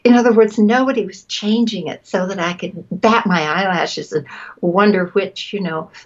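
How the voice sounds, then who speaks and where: A woman, a voice actress, telling stories in a casual interview, chatty and quick to laugh, often trailing off mid-sentence. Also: mid-range voice, lo-fi sound. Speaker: voice actress guest.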